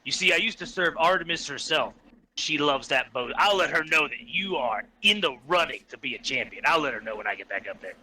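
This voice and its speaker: Preachy self-important friar, low and solemn, a man doing the voice. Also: expressive, brisk, bright, forceful tone, poor audio.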